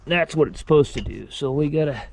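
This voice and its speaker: A man's voice: a little high, brisk, vocal fry, noisy background. A man working as a mechanic who talks casually and thinks aloud while he works on an engine in a truck repair shop. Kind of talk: casual work vlog, talking while repairing.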